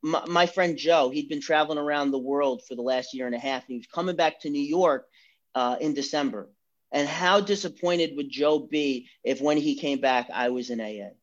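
A man's voice: fairly high pitch, normal speed. A man speaking candidly and with self-mockery as he tells his own recovery story at a meeting. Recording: dull lo-fi recording.

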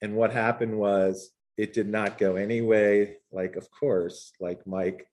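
A man sharing his own story at a group meeting, lively and animated in the telling. His voice leaps up high whenever he quotes someone, then drops back into an easy, mid-range speaking voice. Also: a little slow. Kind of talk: personal recovery story told to a group.

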